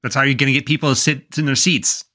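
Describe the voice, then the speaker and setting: A young man co-hosting a podcast, chatting about a film in an animated, joking way. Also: mid-range voice. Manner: animated, joking, quick to laugh. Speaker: podcast co-host. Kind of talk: casual movie review chat.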